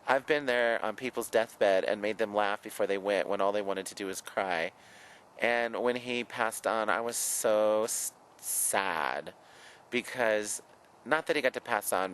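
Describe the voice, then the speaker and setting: Outspoken, bright-voiced man reminiscing. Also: lowish voice, moderate pace, rough recording. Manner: frank, profane and chatty; flamboyant and outspoken. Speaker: hairdresser and vlogger. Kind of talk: candid personal reminiscing.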